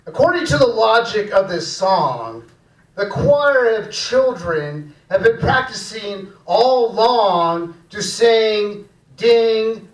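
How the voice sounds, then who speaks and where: A man performing a slow, deadpan stand-up set in a small cafe room. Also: high-pitched, far from the mic. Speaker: stand-up comedian. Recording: echoey room, mic heard from afar.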